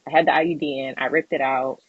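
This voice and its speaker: A young woman with a husky, breathy voice tells a personal story on a podcast and acts out the other people in it. The sound is close and dry with no room echo, and the audio is slightly dull and lo-fi. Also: very deep voice, quick pace. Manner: animated, acts out quoted voices, laughs often. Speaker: podcast co-host.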